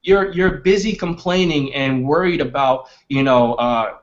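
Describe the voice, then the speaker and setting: A man hosting a webinar, giving an emphatic, repetitive sales pitch full of rhetorical questions. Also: measured pace, few pauses, muffled recording. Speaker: webinar host and sales coach. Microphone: webinar microphone.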